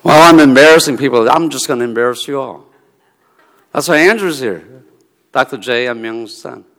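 A man preaching a sermon in a relaxed, storytelling way, acting out the dialogue of the people in his stories. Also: mid-range voice, normal speed. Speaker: pastor. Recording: long reverb of a large hall.

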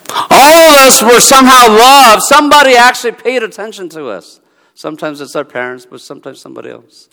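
A man preaching a sermon in a relaxed, storytelling way, acting out the dialogue of the people in his stories. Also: very high voice, a little fast. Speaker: pastor. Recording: long reverb of a large hall.

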